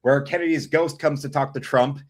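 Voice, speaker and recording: A man's voice: mid-range voice, fairly even intonation, a little fast, a little mellow. A man hosting a live stream, giving blunt, sardonic commentary. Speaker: streamer host.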